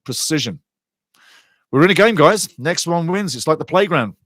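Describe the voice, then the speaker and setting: A man hosting a soccer show, giving blunt, excitable live commentary on a penalty shootout. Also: on the high side, normal speed, no echo, studio quality. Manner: excitable, blunt, swings from laughing to outraged shouting. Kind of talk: live watch-along commentary.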